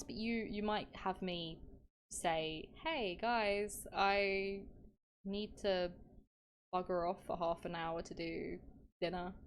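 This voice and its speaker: A woman's voice: mid-range voice, slight background noise. A woman streamer talking casually to her live chat, chatty, laughing often, tripping over her words and restarting. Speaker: VTuber streamer.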